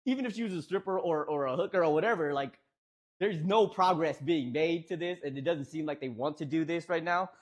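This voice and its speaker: A man streaming from home, telling a rambling, animated story with lots of restarts and fillers. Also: a little high, brisk.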